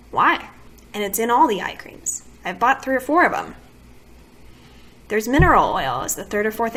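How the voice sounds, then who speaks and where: A woman's voice: high-pitched, pushed and bright. A woman beauty vlogger giving a casual product review to camera, complaining dramatically and asking exasperated rhetorical questions.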